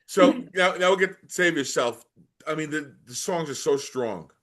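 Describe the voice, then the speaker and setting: A man's voice: on the high side, moderate pace, a bit bright. A man hosting a rock history podcast, asking rambling questions and reacting briefly. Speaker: podcast host. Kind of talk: interview chat.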